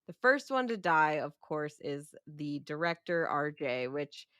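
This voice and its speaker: A woman's voice: low voice, very animated, measured pace, a bit bright, clear, resonant tone, no echo, clean studio sound. A young woman co-hosting a casual movie review podcast, chatty and swearing freely while retelling scenes. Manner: chatty, swears freely, acts out characters' lines. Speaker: podcast co-host.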